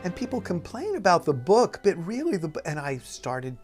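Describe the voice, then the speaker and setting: A man's voice: high voice, huge pitch swings. Guy from boston telling old show stories, stops and restarts a lot, bit of music in the back. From Boston, USA. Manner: storytelling with halting restarts. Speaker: guest recalling theatre production. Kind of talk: casual anecdotal conversation.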